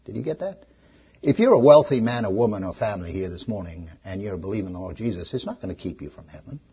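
Animated preacher man, husky voice. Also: on the low side, quick pace, dull audio. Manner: animated preaching, swings from loud to hushed. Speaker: pastor. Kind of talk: sermon.

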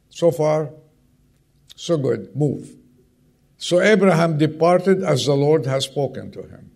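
A male preacher delivers a sermon at an unhurried, deliberate pace, stressing words by saying them twice. His voice is husky and carries a gravelly rasp. He stops often to ask the congregation questions. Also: a little high, expressive, darkish tone. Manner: emphatic, repeats key words for stress; asks the congregation direct questions.

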